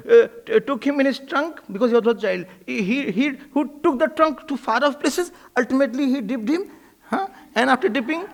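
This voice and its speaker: A man telling a sacred story as a spiritual teacher, acting out its scenes in an animated way. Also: very high-pitched, creaky. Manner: animated, acts out the story, loose grammar. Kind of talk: storytelling sermon.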